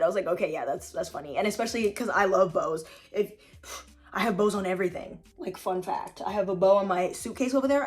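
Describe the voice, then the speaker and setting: A young woman vlogging, ranting casually to camera with lots of fillers, sassy asides and frequent laughs. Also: mid-range voice. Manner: chatty, filler-heavy, sassy, laughs often. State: tired late-night voice-over. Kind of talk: casual opinion rant to camera.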